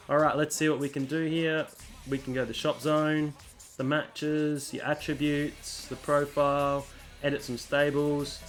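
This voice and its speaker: Chatty man narrating a video game. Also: medium pitch. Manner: chatty, reads on-screen menus and dialogue aloud. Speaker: gaming channel host. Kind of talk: casual let's-play commentary.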